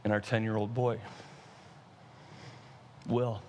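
A middle-aged male pastor preaching a sermon, retelling a story and slowing down for emphasis. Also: fairly low pitch, little pitch movement, darkish tone, slight background noise.

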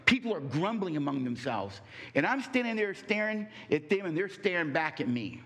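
A man giving a motivational talk on relationships, telling a story with rhetorical questions and deliberate pauses. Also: a little high, big pitch swings. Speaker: speaker on relationships.

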